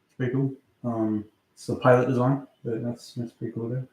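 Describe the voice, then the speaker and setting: Male streamer, rambly and sweary, mid-pitched voice, roomy echoey sound. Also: level tone, brisk, darkish tone. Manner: rambling, hesitant, full of fillers; swears a lot. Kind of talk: casual livestream chat.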